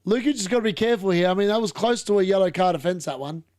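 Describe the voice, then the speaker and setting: A young man hosts a live football watchalong, talking very fast in a high, slightly mellow voice with studio-quality sound and no room echo. He's casual and chatty, laughs often, reads out the chat, and says "mate."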